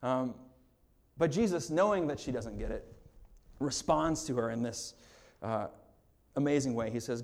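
A male pastor giving a sermon in a conversational way, with humorous asides and laughs, growing quiet and earnest on serious points. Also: medium pitch, animated, unhurried, gravelly, pauses often.

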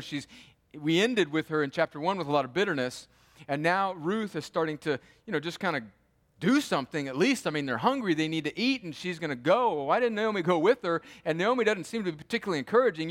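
Man, pastor, Bible teaching, chatty asides, restarts, slightly raised pitch. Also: fairly bright tone.

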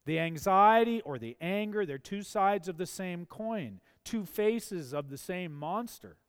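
A man's voice: high voice, lively intonation, a little slow, clear, resonant tone. A man preaching a sermon, earnest and asking pointed, emphatic questions. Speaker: pastor. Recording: long hall reverb.

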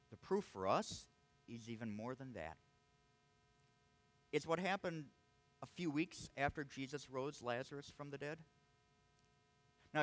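A man's voice: mid-range voice, fairly bright tone, dry recording. A man preaching a sermon, earnest and emphatic, often restarting his words as he presses a point. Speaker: pastor.

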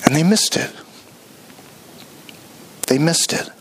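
A pastor preaching a sermon, telling the story with animated delivery and acting out the characters. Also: male voice, on the high side, takes it slowly, slightly rough, low-quality recording.

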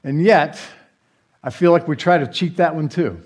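A man's voice: a little high, darkish tone, husky. Man pastor, easygoing sermon, stop-start delivery with small jokes. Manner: halting, with fillers and light joking asides. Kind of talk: conversational sermon.

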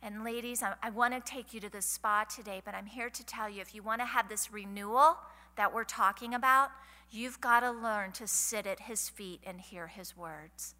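Speaking at a women's conference in a large hall, a middle-aged woman delivers a chatty, folksy sermon and asks the audience questions. She talks at a moderate pace in a bright, forceful mid-range voice, and the live recording carries hall reverb.

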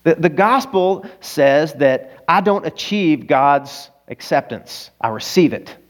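A male pastor with an Arkansas accent, preaching a sermon in an earnest, confessional storytelling manner that rises to loud, emphatic peaks. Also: on the high side, lively intonation, slow pace.

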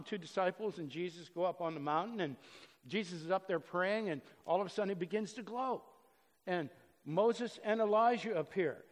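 Pastor, male, high voice, earnest sermon delivery with loud and hushed stretches, church hall reverb. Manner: earnest, swings from loud emphasis to soft and low.

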